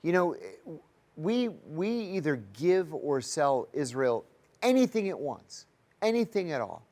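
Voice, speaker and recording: A man hosts a talk show in an earnest, pressing way, voice pitched a bit above most men. He leans into his points and lets his tone rise on them. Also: big pitch swings, unhurried, a little mellow. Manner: earnest, rising emphasis, acts out quoted voices. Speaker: host.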